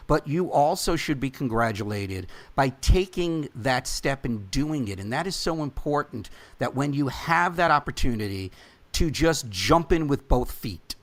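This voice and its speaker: A man's voice: medium pitch, expressive, measured pace. A man hosting a podcast interview, speaking earnestly and emphatically and turning to address his listeners directly. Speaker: podcast host.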